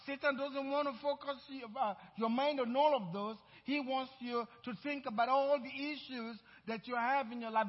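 A male pastor preaching a sermon, emphatic, repeating his lines and drawing out key words. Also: very high-pitched. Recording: dull recording in a reverberant church hall.

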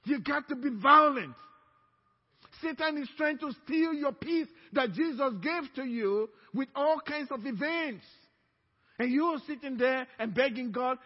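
A man's voice: extremely high pitch, unhurried, in a large hall, lo-fi sound. A man preaching as a pastor, with emphatic delivery that draws the congregation in to repeat lines after him. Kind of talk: sermon. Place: church sanctuary.

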